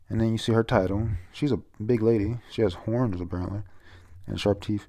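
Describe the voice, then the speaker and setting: A man's voice: on the low side, steady tone, brisk, warm tone. A man casually recapping a manga chapter, rambling, swearing and stumbling over names.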